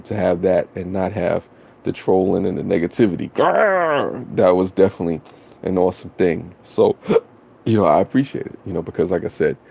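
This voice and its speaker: Laid-back man with a deep gravelly voice. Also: warm tone. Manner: laid-back, slangy, rambling with many fillers and chuckles. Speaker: live streamer. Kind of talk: casual live-stream chat to viewers.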